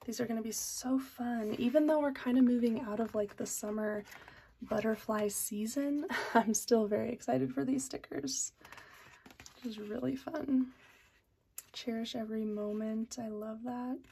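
A woman's voice: on the high side, steady tone, unhurried, creaky, dark tone, a little hiss or hum. A young woman hosting her own planner channel, chatting with enthusiasm as she flips through a sticker book, laughing now and then and saying um often. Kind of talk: casual product flip-through.

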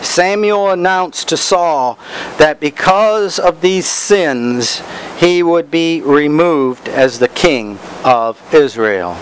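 A man's voice: on the high side, slight background noise, low-quality recording. A man preaching a Bible study, reading verses aloud and stressing words as he explains them.

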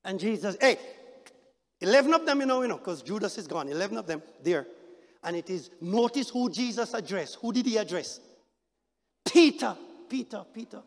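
A man's voice: high voice, animated, a little fast, long reverb tail. A male pastor preaching a sermon with repeated phrases and calls to the congregation. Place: large church.

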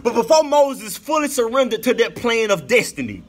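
A man preaching an impassioned sermon, with a sing-song cadence that rises into shouts. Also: very high voice, very animated, normal speed.

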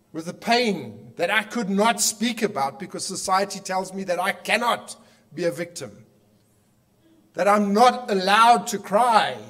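A man's voice: high voice, fairly bright tone. Impassioned South African man speaking. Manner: emphatic, with rhetorical questions and dramatic pauses. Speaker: conference speaker. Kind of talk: impassioned public speech.

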